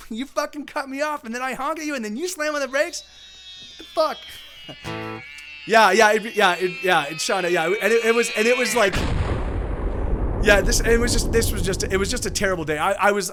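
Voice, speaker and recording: A man's voice: high voice, sharp tone. A man who is a musician chatting casually between songs on his live stream, telling a rambling, profane story. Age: adult.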